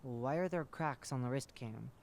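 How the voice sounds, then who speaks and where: A man's voice: mid-range voice, moderate pace, vocal fry, a little hiss or hum, lightly acted. A man doing a curt, scornful lady researcher. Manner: curt, cold, commanding. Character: impatient, scornful female senior researcher.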